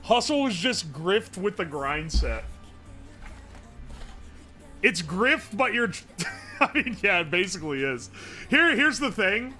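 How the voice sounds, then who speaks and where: A man's voice: sits high, very animated, takes it slowly, pauses often, pushed and bright, faint music behind. A man streaming live, chatting casually and profanely as he rambles and answers his chat.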